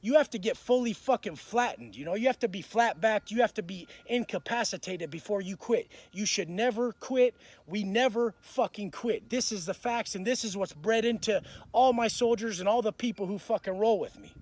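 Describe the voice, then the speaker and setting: A man telling rough stories in a blunt, swaggering, heavily cursing way, often restarting and repeating words as he gets worked up. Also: sits high, normal speed, few pauses, darkish tone. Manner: blunt, profane, swaggering street talk. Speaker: vlogger recounting prison life. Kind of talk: casual storytelling monologue.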